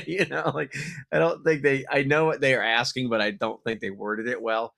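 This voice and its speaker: A man's voice: mid-range voice, a little slow, creaky, pushed and bright. Guy hosting a podcast, goofy and rambly, lots of laughing, middle voice. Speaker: podcast co-host. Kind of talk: casual comedic chat.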